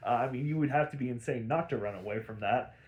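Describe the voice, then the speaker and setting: A man's voice: mid-range voice, quick pace, lo-fi sound. Profane, rambling young male podcaster. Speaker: podcast host. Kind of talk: casual episode recap.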